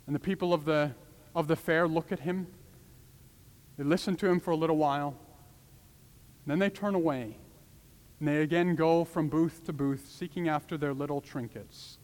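A man's voice: a little high, steady tone, normal speed, long reverb tail. A man preaching a sermon, pleading with passion and rising to urgent cries.

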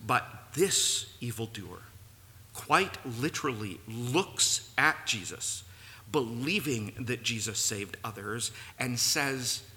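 A man's voice: medium pitch, expressive, slow, sharp tone. A man preaching a sermon in a church, earnest and building to emphatic peaks. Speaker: pastor. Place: church sanctuary. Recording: long reverb, faint room noise.

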